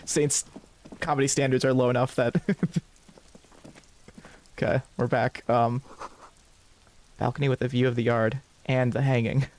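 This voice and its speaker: A man's voice: medium pitch, steady tone, measured pace, pauses often, darkish tone. A man co-hosting a casual game let's play, playful and laughing often. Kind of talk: casual gameplay chat. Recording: faint music and rain from the game.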